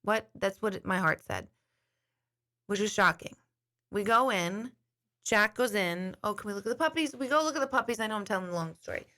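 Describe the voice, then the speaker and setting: Middle-aged lady rambling on to her viewers, bright tense voice, chatty storyteller. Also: mid-range voice, moderate pace, pauses often. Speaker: intuitive host. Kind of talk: casual chat to viewers.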